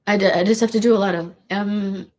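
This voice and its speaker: A woman with a gravelly voice, rambling casually in a monologue with restarts and swearing. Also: medium pitch, steady tone, brisk, a little mellow. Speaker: vlogger.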